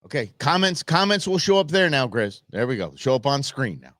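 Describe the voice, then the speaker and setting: A man hosting a live stream, telling a story in a chatty, expressive way. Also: medium pitch, a little fast, dry recording, studio quality. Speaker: livestream show host. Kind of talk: casual livestream chat.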